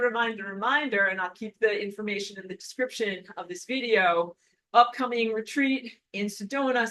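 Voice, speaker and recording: Bright-voiced enthusiastic woman telling stories. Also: medium pitch, rough recording. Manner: enthusiastic, animated storytelling. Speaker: host. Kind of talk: casual storytelling livestream.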